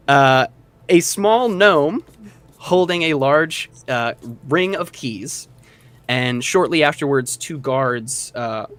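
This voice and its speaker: A young man running a tabletop game as dungeon master, narrating in a relaxed way with many fillers. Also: mid-range voice.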